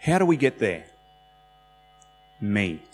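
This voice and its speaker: A man's voice: on the low side, big pitch swings, takes it slowly. A man preaching a sermon in a loose, conversational way, with self-deprecating asides and acted-out quotes. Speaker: pastor. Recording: long hall reverb with faint music.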